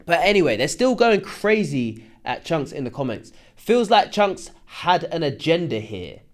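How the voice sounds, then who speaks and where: A man's voice: a little high, sing-song, measured pace. A young man, casually commenting on online drama and reading viewer comments aloud with slangy asides. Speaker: commentary host.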